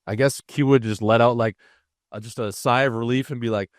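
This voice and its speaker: A man's voice: medium pitch, fairly even intonation, fairly quick, dry recording, studio quality. A man co-hosting a casual hockey podcast, telling locker-room stories in an easygoing way.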